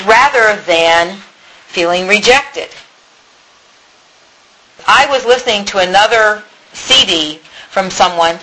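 A woman giving a church talk in an earnest, encouraging way. Her voice is bright and forward, with faint noise behind it. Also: medium pitch, low-quality recording. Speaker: speaker in a church teaching. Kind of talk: sermon.

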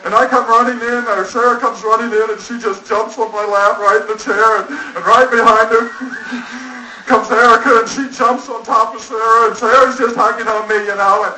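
A man's voice: very high voice, steady tone, moderate pace, pushed and bright. A man telling a personal story in a sermon, earnest and rambling, acting out the dialogue. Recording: roomy, distant mic, faint noise.

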